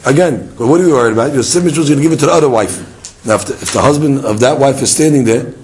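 A man's voice: medium pitch, fast, slight background noise, rough recording. A man teaching a Talmud lesson, acting out little dialogues and firing rhetorical questions at his listeners. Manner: lively, acts out dialogue and fires rhetorical questions.

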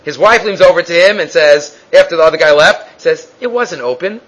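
A man with a high voice gives a Talmud lecture. He talks in an animated way, stops and restarts now and then, and puts on raised voices for the quotes. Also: poor audio. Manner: halting with fillers and restarts. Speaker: Talmud teacher.

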